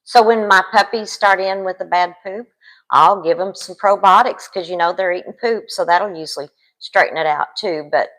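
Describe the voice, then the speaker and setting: A woman with a somewhat low voice chats on a live stream, enthusiastic and full of affirmations. She talks in a warm, homespun way. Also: normal speed, low-quality recording. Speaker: co-host. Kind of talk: casual live-stream chat.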